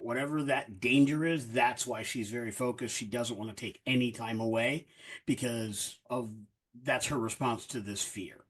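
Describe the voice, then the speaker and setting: A man narrating as game master of a tabletop game, relaxed and explanatory. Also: mid-range voice, moderate pace, slightly rough, low-quality recording.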